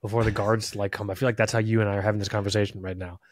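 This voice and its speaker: A man's voice: on the low side, flat delivery, racing, no echo, studio quality. A man co-hosting a podcast in casual chat, rambling and self-deprecating, often tripping over his words. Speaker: podcast co-host. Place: home, recording quietly at night.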